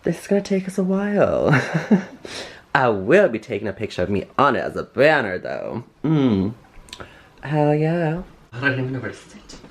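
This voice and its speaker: A young man vlogging casually from his bedroom, exclaiming and laughing a lot as he clears out his closet. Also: mid-range voice, normal speed. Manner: animated, exclamatory, laughs often. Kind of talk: casual chat. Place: bedroom at home.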